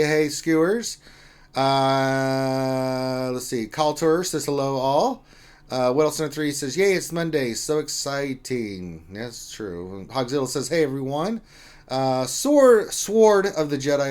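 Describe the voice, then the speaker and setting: A man's voice: medium pitch, slow pace, a little mellow. A man co-hosting a casual gaming livestream, reading viewer comments aloud in a loose, joking way with some mild swearing. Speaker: livestream co-host.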